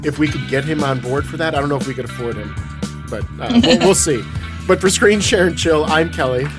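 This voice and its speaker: A man's voice: a little high, lively intonation, fairly quick, over music. Jokey rambling podcast co-host man. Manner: jokey, rambling, laughs often. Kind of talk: casual chat.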